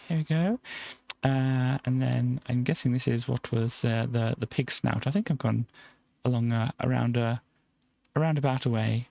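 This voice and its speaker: A man's voice: medium pitch, normal speed, gravelly, darkish tone, no room sound. A man streaming a game, giving a playful, chatty tour of a build and tossing in silly sound effects. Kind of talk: casual gameplay commentary.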